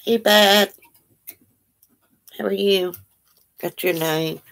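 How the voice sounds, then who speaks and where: A woman's voice: medium pitch, fairly even intonation, drawn-out words, creaky, a bit bright. A woman hosting a casual livestream, greeting viewers by name and chatting about their comments. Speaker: livestream host.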